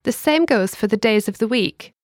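A woman co-hosting a scripted language lesson, with a clear teacherly delivery that slows down to spell words out. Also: fairly high pitch, lively intonation, dry recording, studio quality.

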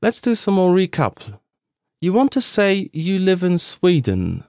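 A man's voice: sits high, huge pitch swings, a little slow, a little mellow, clear, resonant tone, no room sound, studio quality. A man co-hosting a scripted language lesson, upbeat and encouraging toward listeners.

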